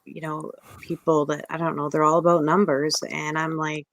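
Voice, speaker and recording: A woman's voice: deep voice, little pitch movement, no echo. A woman on a casual chat, talking bluntly with plenty of swearing. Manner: slow, blunt and profane. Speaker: guest YouTuber.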